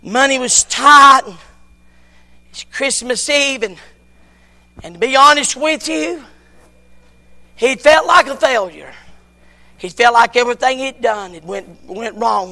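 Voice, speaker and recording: A man preaching a sermon, telling a story and moving between hushed tones and near-shouting, with repeated words and folksy grammar. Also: very high voice, unhurried, long pauses. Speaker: pastor.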